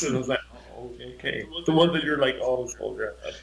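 A man's voice: medium pitch, fast, vocal fry, few pauses, poor audio. A man from Ireland with an Irish accent, chatting casually on a podcast, rambling and joking with frequent restarts. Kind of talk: casual chat.

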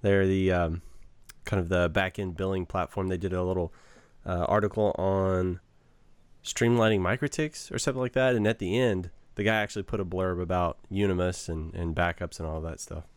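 A man hosting a casual tech podcast, talking in a relaxed, rambling way with fillers. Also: low-pitched, moderate pace, clear, resonant tone, no echo. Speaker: podcast host.

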